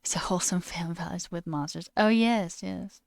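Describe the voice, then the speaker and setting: Lowish-voiced woman ranting on stream. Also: moderate pace, gravelly, no echo, studio quality. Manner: animated, swearing, mocking voices in quotes. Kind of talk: casual live-stream rant. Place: home room.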